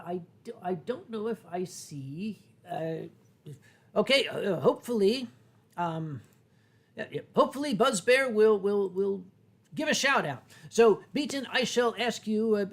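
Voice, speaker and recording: A tipsy man hosting a livestream, his voice pitched notably high. He chats casually and chuckles often as he reads out viewer messages and thanks donors. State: tipsy from drinking sake. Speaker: livestream host. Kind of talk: casual chat.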